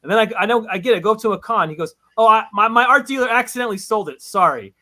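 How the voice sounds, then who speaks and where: Lively, high-voiced man telling stories. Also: rapid-fire. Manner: animated storyteller, swings into laughing exclamations. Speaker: comic book writer, guest. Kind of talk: casual interview chat.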